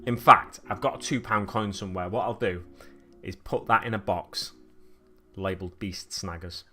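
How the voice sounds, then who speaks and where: A man's voice: low voice, normal speed, sharp tone. A man with a Manchester-area Stockport accent chatting casually on a live stream while he paints, reading chat messages aloud and answering them. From Manchester area, England. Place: home painting setup.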